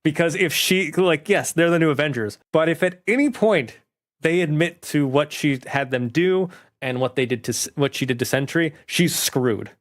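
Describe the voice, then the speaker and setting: A man reviewing a movie, casually retelling its plot in a rambling, animated way. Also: fairly high pitch, normal speed.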